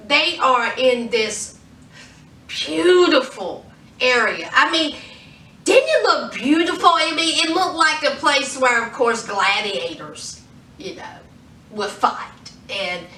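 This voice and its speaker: A woman casually recapping a TV episode for her vlog, telling the story in an animated way and acting out the characters' lines. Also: high-pitched. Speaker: TV show reviewer. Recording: roomy echo, distant from mic.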